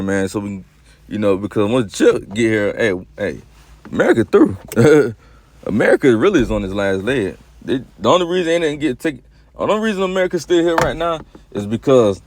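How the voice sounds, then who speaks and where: A man giving casual scripture commentary. He reads verses slowly and with drawn-out emphasis, then explains them in loose talk, often tossing in "man" and "you see". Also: fairly low pitch, a little mellow, no echo. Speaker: scripture preacher.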